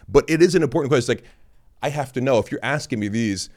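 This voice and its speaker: A man's voice: mid-range voice, animated, racing, darkish tone. A man around forty hosting a podcast, talking in a blunt, sarcastic and casual way, with offhand fillers. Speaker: podcast host and lifting coach. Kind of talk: casual monologue.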